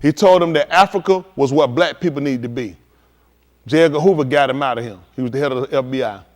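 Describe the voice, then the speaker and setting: In a fast, medium-pitched voice, a man preaches during a livestreamed scripture teaching. He talks in emphatic street slang and peppers listeners with rhetorical questions.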